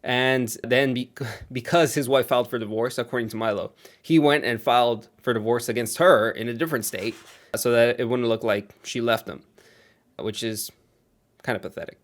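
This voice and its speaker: A man's voice: mid-range voice, steady tone, normal speed. A man doing casual commentary on online drama, sarcastic and gossipy, with chuckles.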